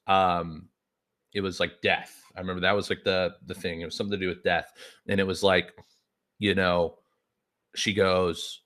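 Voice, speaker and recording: Brief: deep-voiced male podcast host, bright forceful tone, profane rambling storyteller. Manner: profane, rambling, lots of filler words. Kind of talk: casual storytelling chat.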